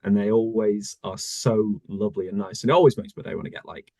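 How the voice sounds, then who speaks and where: A man, an audiobook narrator, chatting casually and telling anecdotes in a relaxed way. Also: on the low side, brisk, no room sound. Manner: relaxed storyteller, many fillers. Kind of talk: casual chat.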